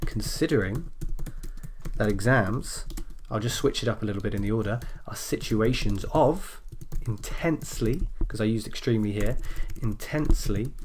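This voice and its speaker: A man teaching an essay-writing lesson, calmly explaining and stressing key phrases as he types. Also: lowish voice, moderate pace, slight background noise. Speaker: language teacher.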